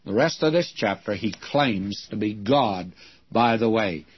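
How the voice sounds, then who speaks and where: Older male preacher, husky, folksy and unhurried storyteller, dull lo-fi recording. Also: lowish voice, expressive. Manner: folksy storytelling, mimics voices in anecdotes. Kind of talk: radio Bible-teaching sermon.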